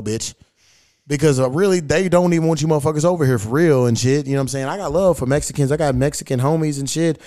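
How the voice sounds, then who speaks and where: A man's voice: fairly high pitch, fast talker, warm tone, no room sound, studio quality. A man hosting a podcast in casual chat, talking bluntly and profanely. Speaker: podcast host.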